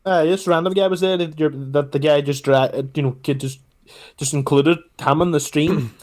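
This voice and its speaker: A young Irish man co-hosting a podcast, chatting in an animated way with many restarts. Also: fairly high pitch, normal speed. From Ireland. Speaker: podcast co-host. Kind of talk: casual chat.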